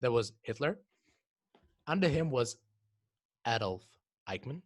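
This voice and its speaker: A man's voice: mid-range voice, sing-song, measured pace, no echo. A teenage boy co-hosting a casual podcast discussion, explaining ideas with frequent restarts and repeated words. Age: teens. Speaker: podcast co-host.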